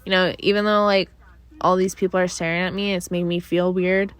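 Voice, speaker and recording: A woman's voice: medium pitch, brisk, fairly bright tone. A young woman hosting her own podcast, rambling through the week's news in casual chat with many fillers and sighs, bothered by allergies. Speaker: podcast host.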